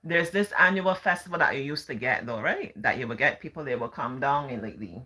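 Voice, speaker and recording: Barbadian woman, middle-aged, chatty livestream host, low voice, answers comments. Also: expressive, a little fast, pushed and bright, husky. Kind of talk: casual livestream chat.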